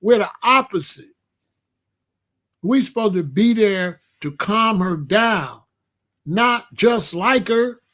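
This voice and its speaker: High-voiced man preaching emphatic commentary. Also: expressive, slow pace, long pauses, a bit bright. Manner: preachy, emphatic, repeats himself. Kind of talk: monologue commentary to camera.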